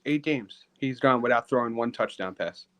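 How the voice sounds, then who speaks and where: A man co-hosting a casual sports podcast, animated and talkative, filling his talk with "like" and laughing often. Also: medium pitch, normal speed. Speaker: podcast co-host.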